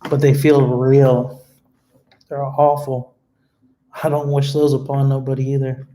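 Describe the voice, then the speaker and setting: A man's voice: medium pitch, little pitch movement, a little slow, warm tone, rough recording. A young man chatting casually on his live stream, earnest and emotional, rambling a little as he answers viewers' comments. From United States. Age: young adult. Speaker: vlogger hosting a live stream.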